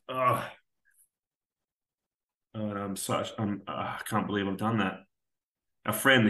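A man's voice: on the low side, pushed and bright. A man, a veteran on a podcast, telling a raw, candid personal story and swearing freely. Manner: raw, candid, swears often, acts out dialogue. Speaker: podcast guest, army veteran. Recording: roomy echo.

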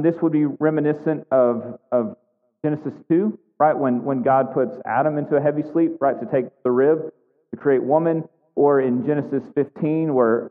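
Preacher in an echoing hall, tinny sound. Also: male voice, a little high. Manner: conversational, repeats words, asks "right?". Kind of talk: sermon with scripture reading.

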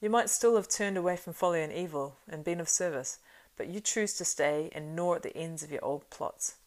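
A woman's voice: on the low side, a little mellow, close to an everyday voice. Woman reading as a stern old wizard. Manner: grave, measured authority.

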